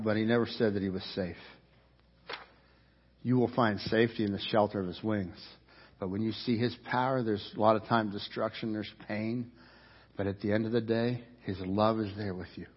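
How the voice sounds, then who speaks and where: A male pastor preaching a sermon in a church, emphatic, swelling louder on key points and repeating phrases for effect. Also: lowish voice, fairly even intonation, moderate pace, slightly rough. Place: church sanctuary. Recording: dull audio with long reverb.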